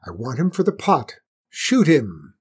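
A storyteller voicing a spoiled, bossy queen who barks orders in a shrill, commanding way. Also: very animated, a little slow, husky, full character voice. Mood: imperious. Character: spoiled haughty queen, bossy and quick-tempered.

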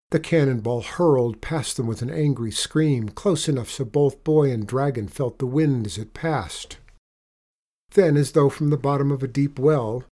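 A man narrating a children's adventure story aloud with expressive, animated delivery. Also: mid-range voice.

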